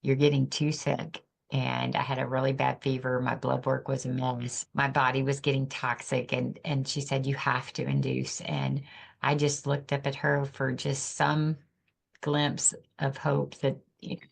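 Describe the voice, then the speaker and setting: A woman's voice: rumbling low, flat delivery, unhurried, creaky. A middle-aged woman, a podcast guest, telling her personal story of loss in an earnest, emotional, reflective way.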